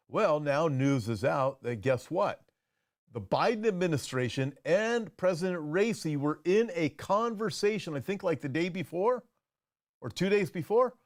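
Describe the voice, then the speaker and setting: A man, a pastor hosting a show, giving animated, incredulous commentary on video clips. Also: mid-range voice.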